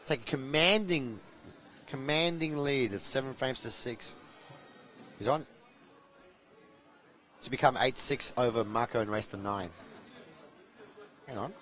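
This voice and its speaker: Man, pool commentator, excitable, jokey live commentary. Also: mid-range voice, measured pace, long pauses, faint music behind, rough recording.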